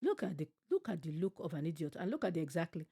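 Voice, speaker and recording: A woman reacts to a TV show on her stream in a low, gravelly voice. She is blunt and profane, riffing on her own jokes and repeating lines for effect. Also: sing-song, fast talker, dark tone. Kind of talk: casual reaction commentary.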